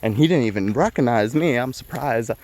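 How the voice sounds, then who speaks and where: A man's voice: medium pitch, expressive, brisk, darkish tone. A man telling stories from his youth in a casual, rambling way, swearing constantly. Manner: profane, rambling and laid-back. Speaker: storyteller. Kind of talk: casual storytelling. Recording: noisy recording.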